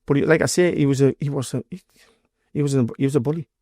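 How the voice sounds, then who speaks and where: A blunt man from North East England with a thick Geordie accent, a former doorman appearing as a guest, tells stories plainly in a casual interview, swearing heavily and acting out the people he quotes. He talks fast at a middling pitch with a dark tone, and the recording is close and dry.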